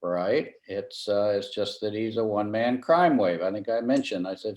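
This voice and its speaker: A man's voice: lowish voice, moderate pace. Man telling a courtroom story, echoing room. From Florida. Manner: relaxed anecdotal storyteller, quotes himself often. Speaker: trial lawyer and former county judge. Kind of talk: storytelling in a conversational interview. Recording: roomy echo.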